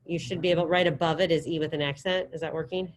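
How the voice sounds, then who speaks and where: A middle-aged woman teaching a high school Spanish class, leading drills in a chatty, encouraging way. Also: fairly even intonation, fast, rough recording. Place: classroom with students present and online.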